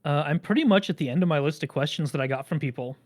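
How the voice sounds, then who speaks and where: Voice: medium pitch, fast talker, a little mellow. Rambling podcast host with dry jokes. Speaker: podcast host explaining a franchise's lore. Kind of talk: casual podcast chat.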